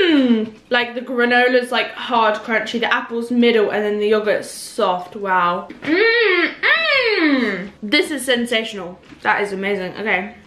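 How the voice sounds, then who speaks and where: A woman's voice: on the high side, fairly bright tone. Chatty young woman vlogging at home. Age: young adult. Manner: rambling, self-mocking and chatty. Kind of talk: casual vlog chatter. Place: home, indoors.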